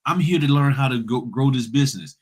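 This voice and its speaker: A man's voice: medium pitch, a little fast, a little mellow, husky. A middle-aged man hosting a casual livestream, talking bluntly and preachily to his viewers in slangy speech. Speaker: notary business host.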